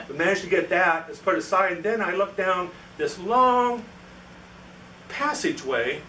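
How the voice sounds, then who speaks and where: Bright, echoey man telling a story. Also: high voice, a little slow, slight background noise. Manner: anecdotal, acts out quoted dialogue. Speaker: guest presenter at a club meeting. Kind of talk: storytelling talk to an audience. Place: meeting room. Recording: echoey room, mic from far off.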